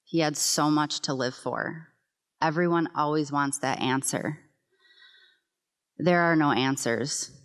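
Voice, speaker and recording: A middle-aged mother recounting events quietly in a documentary interview. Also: deep voice, slow, pauses often. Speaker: mother of the deceased.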